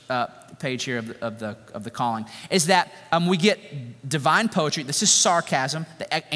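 A male pastor giving an animated, joking sermon in a loose conversational style. His voice is high and bright, and it rings with a long hall reverb.

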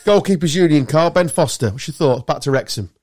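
A man's voice: on the high side, lively intonation, fairly quick, darkish tone, no echo, studio quality. A man from England hosting a casual football chat podcast, joking and bantering with friends. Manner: joking, banter-filled, sweary. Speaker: podcast host.

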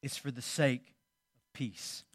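A man preaching a sermon, telling stories and swinging between loud emphasis and quiet asides. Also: mid-range voice, flat delivery, slow, husky, no room sound, studio quality. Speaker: pastor.

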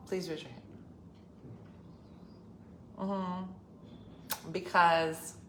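A middle-aged woman with a low, dry delivery tells a family story in casual chat, acting out each side of the argument. Her voice sits well down in pitch. The room adds a clear echo, with a faint hum of ambience behind her. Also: a little slow. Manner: wry, deadpan storyteller who acts out quoted family arguments. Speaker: podcast host.

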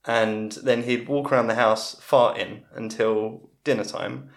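A gravelly-voiced man in his forties, medium in pitch with fairly even intonation, speaks unhurriedly as a podcast guest. He rambles through long family stories in casual interview talk, often cutting himself off and restarting sentences, in a roomy-sounding recording.

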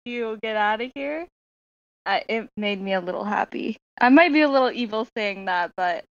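A woman guest in a casual podcast chat, laid-back and quick to laugh. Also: medium pitch, lively intonation. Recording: dry, dull lo-fi audio.

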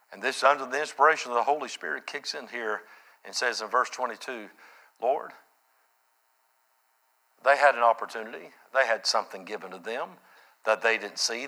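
A male pastor preaching a sermon, swinging from loud, high-pitched peaks to quiet, low, reflective passages.

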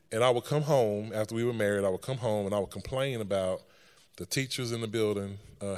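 A middle-aged man, a school superintendent, giving a lively story-filled speech on stage and laughing often. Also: on the low side, big-room sound.

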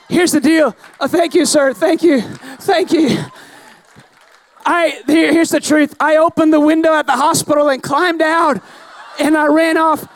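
A pastor telling a self-mocking story in an animated sermon, often breaking into shouts. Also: male voice, very high-pitched. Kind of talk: storytelling sermon to a live audience.

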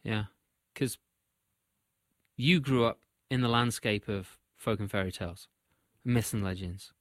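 Man of average pitch, easygoing and quick to laugh, dry close recording. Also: no echo. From Shropshire, England. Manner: relaxed, laughs easily. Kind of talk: casual conversation.

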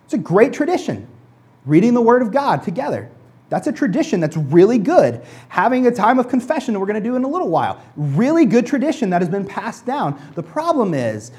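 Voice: medium pitch, very animated, fairly quick, a little mellow. Conversational pastor preaching a sermon. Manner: conversational, frequent restarts and repeated words; acts out people's excuses in mock voices.

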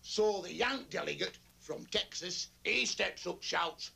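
A man telling a joke in a slow, gravelly voice. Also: sits high, expressive, pushed and bright.

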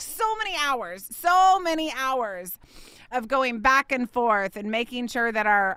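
A woman's voice: a little high, sharp tone, clean tone, dry recording. A middle-aged woman hosting a faith podcast, talking in an emotional, effusive way with many restarts. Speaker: podcast host and ministry leader.

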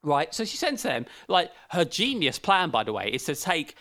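A man co-hosting a casual comedic film review show, animated and mocking, from England. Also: fairly high pitch, moderate pace. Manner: animated, mocking, does silly impressions. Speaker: podcast co-host.

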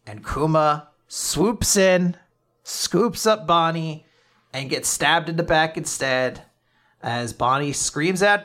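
A man co-hosting a podcast in casual chat, retelling story scenes with lively energy and plenty of swearing. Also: fairly high pitch. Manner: animated, retells scenes by quoting characters, swears freely. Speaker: podcast co-host. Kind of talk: casual chat recapping a comic chapter.

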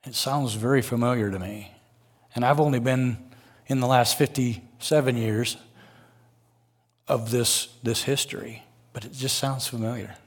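A man's voice: mid-range voice, steady tone, a little slow. An older man preaching a sermon as a guest speaker, earnest, with folksy personal asides and rising emphasis.

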